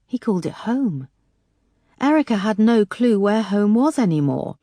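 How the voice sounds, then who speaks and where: A woman narrating a detective thriller audiobook in a measured, dramatic way. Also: mid-range voice, big pitch swings, mellow, no echo.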